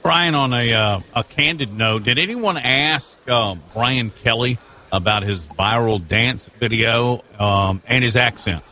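Bright-voiced sports radio host. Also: male voice, medium pitch, measured pace. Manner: upbeat, joking.

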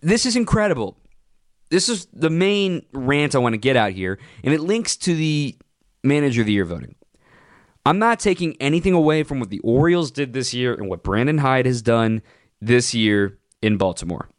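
A man's voice: moderate pace, no echo. Man, sports radio host, opinionated rant, punchy emphasis, dry studio sound. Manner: animated, ranting, punchy emphasis with sudden pitch jumps.

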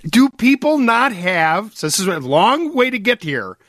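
A middle-aged man hosting a casual talk show, telling a story with lively acted-out quotes. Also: high-pitched, a little slow, dry recording, studio quality. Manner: animated storyteller, acts out quotes.

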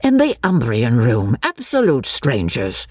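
A woman voicing a playful, self-satisfied young gentleman in an audiobook. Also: rumbling low, wildly swooping pitch, unhurried, no echo, full character voice. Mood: teasing. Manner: teasing, theatrical.

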